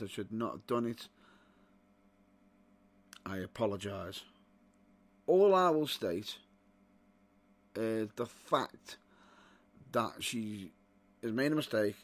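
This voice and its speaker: A man hosting a podcast and ranting in exasperation, rising to loud outbursts. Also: lowish voice. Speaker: wrestling podcast host. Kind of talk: opinionated commentary.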